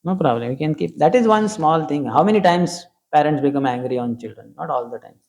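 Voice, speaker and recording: A man's voice: on the high side, animated, fairly quick, darkish tone. A middle-aged Indian man with an Indian English accent, teaching a scripture class in a humorous, explanatory way and slipping into Hindi asides.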